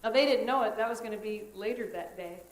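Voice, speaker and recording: Woman pastor preaching, high voice, talks to the room like friends, big pauses, echoey church. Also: steady tone. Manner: earnest, conversational preaching with dramatic pauses. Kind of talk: sermon. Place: church sanctuary.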